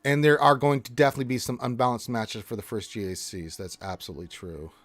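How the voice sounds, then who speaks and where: A man's voice: mid-range voice, fairly even intonation, fast, dry recording. A man hosting a casual gaming livestream, reading chat in a blunt, emphatic, rambling manner.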